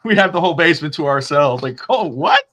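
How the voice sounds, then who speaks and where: A man hosting a casual sports talk show, rambling and jokey and quick to laugh. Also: on the high side, very animated, sharp tone. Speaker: podcast host.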